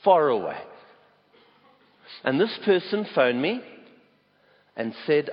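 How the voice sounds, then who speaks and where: Lively South African pastor preaching. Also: male voice, on the high side, takes it slowly, pauses often. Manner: emphatic, storytelling preacher who stresses key words. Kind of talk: sermon. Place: church auditorium. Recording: echoey hall, dull lo-fi sound.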